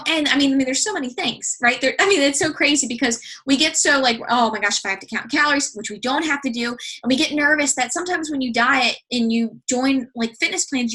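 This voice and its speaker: A chatty woman fitness coach walks viewers through a meal plan in a casual, upbeat ramble full of fillers and restarts. Her voice sits a little high and sounds bright and forward. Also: poor audio. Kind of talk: casual instructional talk.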